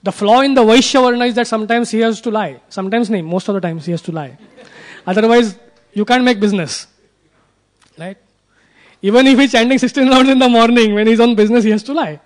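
A man's voice: high-pitched, brisk, long pauses. A man preaching a sermon in a conversational way, often checking in with his listeners. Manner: conversational, asks the audience for assent.

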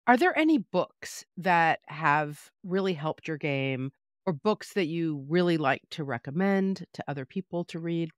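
A host asking a guest measured, steady questions in an interview. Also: mid-range voice, no echo, clean studio sound.

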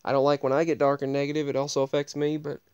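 Give me a rambling man telling a casual story, his voice smooth and a bit high, with plenty of restarts. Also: monotone, racing, a little mellow, no room sound, dull audio. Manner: rambling, digressive, frequent restarts.

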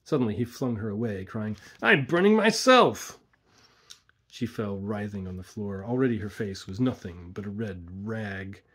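A man slowly reading a horror story aloud in a hushed, deliberate way. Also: lowish voice, steady tone, husky. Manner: slow, hushed, deliberate narration.

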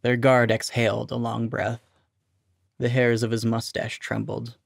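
Guy reading a short story out loud, steady and measured, gravelly voice, dry close sound. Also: medium pitch, no room sound. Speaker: reader.

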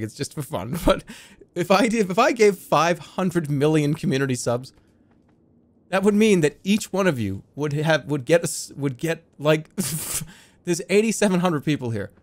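A man chatting casually on a live stream, giggly and repeatedly breaking into helpless laughter. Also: fairly high pitch.

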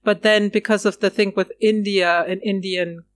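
A woman co-host on a podcast explains history at length, citing her sources as she goes. Her voice sits at a middle pitch and her delivery is conversational, with laughs coming easily. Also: fairly even intonation, moderate pace. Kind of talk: casual podcast discussion.

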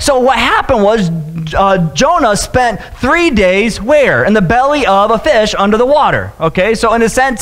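A man's voice: sits high, fairly bright tone. A man, a pastor retelling a story in a humorous sermon, with jokes and acted-out voices. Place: church sanctuary.

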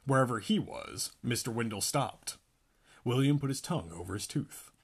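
Husky man reading a book aloud. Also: mid-range voice, moderate pace. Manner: animated, laughing between lines. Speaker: reader.

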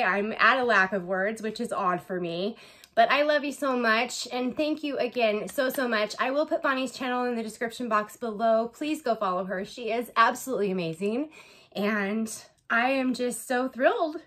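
A woman's voice: on the high side, fairly bright tone. A woman vlogging as she unboxes a gift, gushing and effusive, repeating her words over and over. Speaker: vlogger opening a gift package. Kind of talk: casual unboxing vlog.

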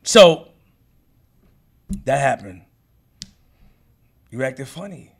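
A man from Queens hosting a podcast, loudly teasing his guests and repeating himself in heated banter. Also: mid-range voice, lively intonation, extremely slow. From Queens, New York. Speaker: podcast host.

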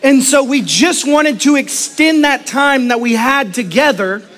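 Male pastor, high voice, animated sermon, acts out little quotes, middle-aged. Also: a little slow.

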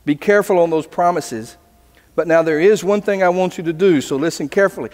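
A man voicing God as a calm, patient voice from above, speaking slowly and evenly. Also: a little high, long reverb tail, close to an everyday voice. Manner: slow, calm, unhurried.

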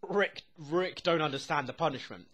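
A young man reacting to a TV episode as he watches. He talks excitedly, swears constantly and often laughs. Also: on the high side, moderate pace. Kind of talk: live reaction commentary.

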